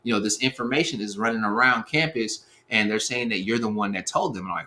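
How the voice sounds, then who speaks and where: A man in his thirties telling a personal story in a relaxed, slangy way, acting out the quotes as he goes. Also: lowish voice, fast talker, hardly any pauses. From Seattle area, USA. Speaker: speaker sharing life advice. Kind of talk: storytelling talk.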